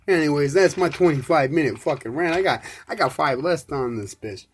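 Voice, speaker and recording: Man, podcast host, husky voice, profane rambling rant, loud bursts then mumbling. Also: on the high side, lively intonation, fairly quick, few pauses. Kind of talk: solo live podcast rant.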